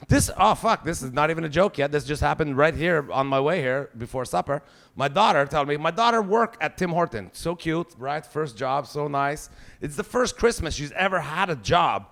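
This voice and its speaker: A man's voice: fairly high pitch, animated, moderate pace, gravelly, fairly bright tone. A man in his forties with a Quebec French accent, doing a profane, exasperated stand-up rant. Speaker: stand-up comedian. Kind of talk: stand-up routine.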